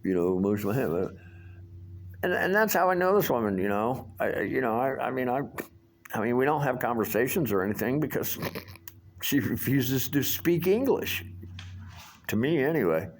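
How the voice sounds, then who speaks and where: A man's voice: medium pitch, lively intonation, normal speed, long pauses. A middle-aged man ranting casually and profanely about his restaurant job, rambling with many fillers. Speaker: vlogger. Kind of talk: casual rant monologue.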